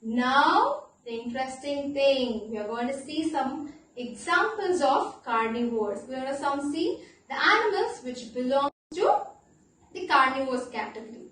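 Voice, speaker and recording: A high-pitched woman teaching young children, with an Indian English accent and an unhurried, playful way of asking questions. Her voice rings in a very echoey room, picked up from some distance away. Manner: animated, playful, asks children questions and spells words out slowly. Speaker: primary school teacher. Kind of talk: online class lesson for young children.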